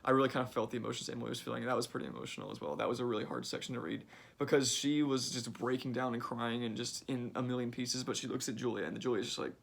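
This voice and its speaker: A young man recaps a book chapter in a loose, chatty way, packing his talk with fillers. He speaks quickly, and his voice has a gravelly fry running through it. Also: mid-range voice. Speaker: reader summarizing a book. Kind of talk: casual book summary.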